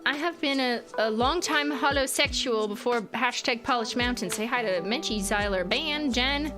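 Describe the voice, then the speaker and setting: A woman's voice: on the high side, moderate pace, music in the background. A woman in her late twenties opening fan mail on a live stream in casual, chatty talk, swearing freely and laughing often. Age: late 20s.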